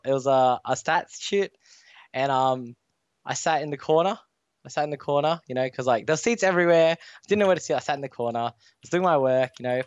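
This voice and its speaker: A young Australian man, a podcast guest, rambles through a long, casual story with lots of fillers. His voice is on the high side, and the recording sounds dry and dull.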